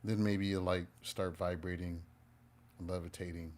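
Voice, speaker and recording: A man gives a casual live tarot reading and keeps it playful and chatty. His voice sits fairly low for a man. He jokes his way between the spiritual messages. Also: level tone, measured pace, darkish tone, slight background noise. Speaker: tarot reader.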